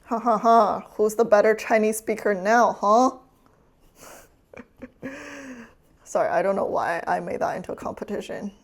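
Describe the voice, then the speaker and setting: A woman's voice: medium pitch, fairly even intonation, normal speed, long pauses. A woman streamer chatting casually with her chat while cooking, teasing and laughing often.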